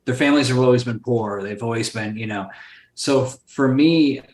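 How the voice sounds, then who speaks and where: This podcast guest, the owner of a solar sales business, has a mid-range, darkish voice and speaks at a moderate pace in a roomy-sounding space. It's a casual interview where he rambles loosely, with profanity and plenty of filler words.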